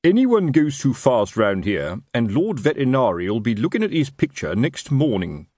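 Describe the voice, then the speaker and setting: A man's voice: medium pitch, sing-song, normal speed, a little mellow, no room sound, clean studio sound, pitched above the performer's own voice. A man playing a middle-aged city watch sergeant who talks expansively and self-importantly in a working-class way.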